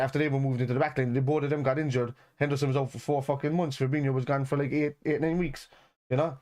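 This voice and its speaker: Man, casual co-host of a football watch-along, rambling, swears often, ordinary mid pitch. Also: steady tone, fast talker, darkish tone. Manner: rambling, swears a lot, many restarts.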